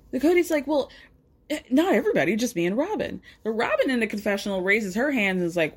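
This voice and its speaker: A woman with a slightly high voice recaps a reality show in a loose, chatty way. She is sassy and profane and mimics the people she quotes, then adds her own snarky asides. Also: very animated, a little fast, long pauses, husky. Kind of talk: casual recap commentary.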